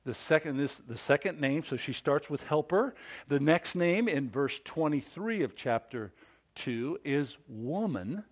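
A pastor delivering a sermon in a man's slightly high voice, with a lively, swooping pitch. He punches key words and then drops his voice low, asking his listeners questions as he goes. His delivery is emphatic and animated. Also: unhurried. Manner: asks the audience questions.

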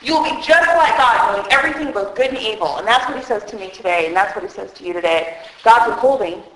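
A woman preaching a sermon, animated and joking, acting out little voices as she teaches. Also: medium pitch, fast. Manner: animated, jokey, acts out voices. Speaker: women's speaker preaching on Genesis. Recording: very echoey hall.

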